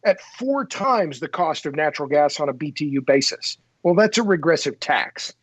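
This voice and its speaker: A man's voice: on the high side, animated, normal speed, fairly bright tone, husky, no room sound. A man speaking as a guest in a casual interview, talkative and restarting his words as he works into each point. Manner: talkative, repeats words when starting a thought. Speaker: podcast guest, energy writer.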